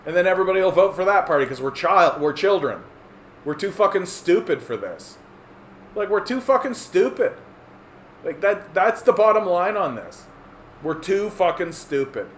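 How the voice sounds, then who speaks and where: Ranting livestream host, man, a bit high-pitched, sarcastic, swearing, roomy echo and faint hiss. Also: big pitch swings, moderate pace. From Canada. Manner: profane, sarcastic, mocks opponents in squeaky voices. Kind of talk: ranting monologue. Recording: echoey room with faint ambient noise.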